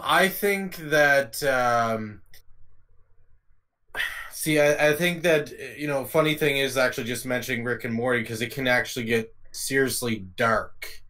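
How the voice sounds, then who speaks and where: A man with a mid-range voice speaks slowly on a casual livestream panel. He keeps pausing and fills his sentences with ums and uhs. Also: mid-range voice, pushed and bright. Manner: slow, halting, many ums and uhs. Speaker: panel guest. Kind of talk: casual group discussion.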